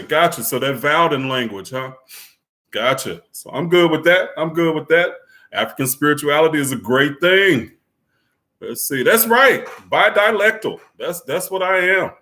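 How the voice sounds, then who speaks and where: An American man with a bright, pushed, higher-pitched voice hosts a livestream, greeting his viewers. He chats in a relaxed, talkative way and laughs often.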